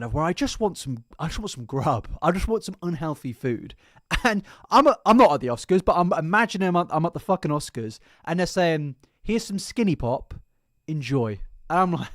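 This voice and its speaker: A woman's voice: lowish voice, no echo, clean studio sound. A woman from Britain, live streaming and ranting casually to chat, swearing freely. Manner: animated, swears a lot, reacts to chat.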